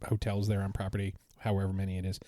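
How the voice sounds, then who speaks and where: A man co-hosting a casual podcast, telling rambling travel stories with frequent laughs and throat-clearing. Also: sits low, monotone, rapid-fire, warm tone, dry recording, studio quality. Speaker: podcast co-host. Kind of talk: casual chat.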